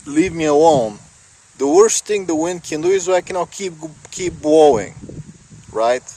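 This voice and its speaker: A man's voice: on the high side, animated, normal speed, dark tone, low-quality recording. A man vlogging outdoors in strong wind by a car, rambling casually and swearing often with many fillers. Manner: rambling, swears a lot, says "like" and "bro" often. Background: wind blowing into the microphone.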